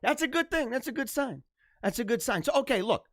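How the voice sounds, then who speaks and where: A man's voice: very high-pitched, expressive, a little fast, a bit bright, no echo, clean studio sound. A man in his thirties hosting a live stream, reading viewer comments in fervent, slangy casual talk with lots of emphatic repetition.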